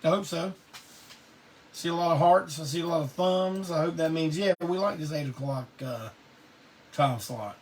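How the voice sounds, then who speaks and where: A middle-aged man, hosting a live online show and telling stories casually, salty and quick to laugh. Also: on the high side. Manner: laid-back Southern drawl, salty, laughs often. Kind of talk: casual storytelling to a live audience. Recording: distant mic with faint background noise.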